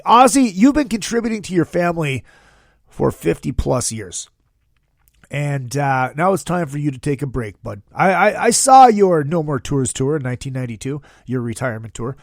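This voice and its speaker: Lively, joking male podcast host. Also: a little high, normal speed, no echo, studio quality. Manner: profane, excitable, jokey. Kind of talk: casual podcast talk.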